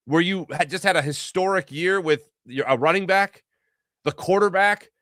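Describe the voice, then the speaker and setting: Animated Philly sports host with a bright voice. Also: male voice, a little high, no room sound, studio quality. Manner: animated, rhetorical, arguing with mock quotes. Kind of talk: casual sports commentary monologue.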